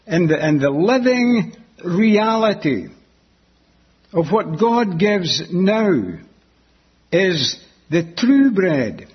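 Man, preacher, sermon, unhurried, repeats words for emphasis, muffled lo-fi sound. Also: sits high, sing-song, husky. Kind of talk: sermon, Bible exposition.

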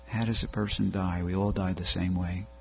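Male preacher, low husky voice, dramatic sermon delivery, muffled recording with hum. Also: level tone, normal speed. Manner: dramatic preaching, builds to rhythmic recitation. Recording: dull lo-fi recording with mains hum.

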